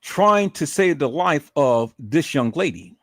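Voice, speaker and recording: A middle-aged livestream commentator rants angrily in a higher, sing-song voice at an unhurried pace, studio quality with no room sound. He swears freely, calls his audience "peoples," repeats words when agitated and breaks into loud outbursts.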